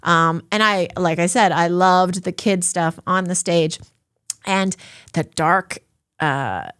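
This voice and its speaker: A woman co-hosting a casual TV review chat, animated and exasperated, laughing often as she talks. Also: lowish voice, slow pace, clean tone, no echo, clean studio sound. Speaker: podcast co-host.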